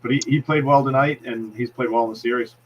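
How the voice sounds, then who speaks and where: Male hockey analyst, Boston accent, methodical play-by-play explainer, mid pitch, slight background hum. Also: fairly even intonation, fast talker, muffled recording. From Massachusetts. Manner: analytical, explains plays step by step with many restarts. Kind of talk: postgame hockey breakdown.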